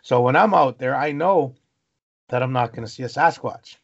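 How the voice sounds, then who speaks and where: As a podcast guest in a storytelling interview, a Canadian man animatedly recounts wilderness stories, fond of long run-on lists. His mid-range voice moves at normal speed with a gravelly fry, and the recording sounds dull and lo-fi.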